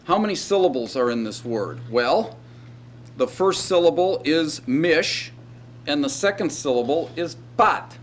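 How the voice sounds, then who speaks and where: A man teaching a Hebrew grammar lesson in a recorded lecture, speaking haltingly with many ums and restarts. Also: a little high, animated, a little hiss or hum. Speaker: Hebrew instructor.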